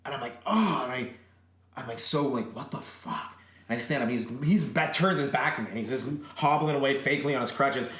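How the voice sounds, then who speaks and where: A man's voice: medium pitch, fairly quick, a bit bright, roomy sound. A young man from Canada co-hosting a podcast, telling crude rambling stories in casual chat and laughing often. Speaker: podcast co-host.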